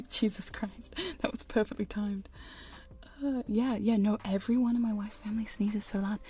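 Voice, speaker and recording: A woman chatting in a soft, giggly whisper on a live hypnosis ASMR stream, close to studio mics in her home studio. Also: medium pitch, fairly even intonation, normal speed, breathy edge, faint music behind. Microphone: studio condenser and binaural mics.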